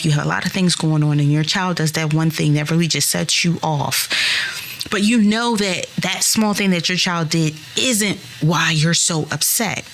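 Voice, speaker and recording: A woman in her thirties talks straight to her listeners in a solo podcast, earnest and reassuring. Her voice sits a little low for a woman. Faint ambient noise hums behind her. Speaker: podcast host.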